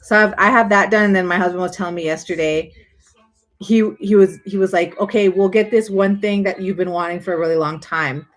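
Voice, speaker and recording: A woman's voice: mid-range voice, steady tone, fairly quick. A woman in her thirties chatting casually to viewers on a live stream, rambling with lots of fillers.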